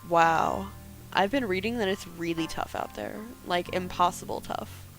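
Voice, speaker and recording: A woman's voice: fairly low pitch, a little slow, creaky, soft background music. A woman voicing a cheerful, talkative woman friend in her thirties, reading her lines in a game playthrough. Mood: chatty.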